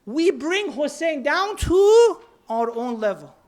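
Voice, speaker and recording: A man's voice: extremely high pitch, big pitch swings, takes it slowly, a little mellow. Earnest man preaching. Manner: earnest, mixes Persian words into English. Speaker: speaker at a religious centre. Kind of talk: sermon.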